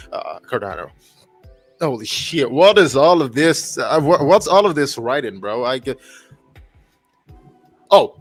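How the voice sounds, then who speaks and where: A man hosting a casual livestream, his pitch swinging widely as he reads an article aloud. He stumbles, restarts and breaks off often to react and talk to his chat. Faint music plays underneath. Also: fairly bright tone, no echo. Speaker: livestream host.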